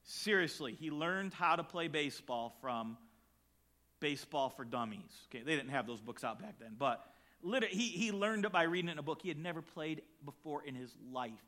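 A middle-aged male pastor preaching, telling a personal story with lively acted-out voices and then reading scripture aloud. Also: a little high, normal speed. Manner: animated storytelling, acts out shouts and voices.

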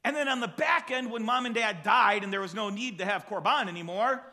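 A pastor delivers a sermon in a lively, conversational way and breaks into acted voices as he retells the story. His voice sits high for a man and has a bright, ringing tone. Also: fairly quick. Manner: animated, acts out voices in the story. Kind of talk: sermon with Bible reading.

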